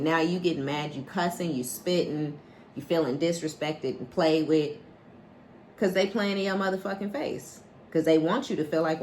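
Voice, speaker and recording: Woman doing a tarot reading, low voice, cusses a lot, keeps going "right?". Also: moderate pace, slight background noise. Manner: blunt, profane, keeps asking "right?"; animated, acts out quoted dialogue. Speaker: psychic tarot reader. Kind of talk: collective tarot reading, casual and unscripted.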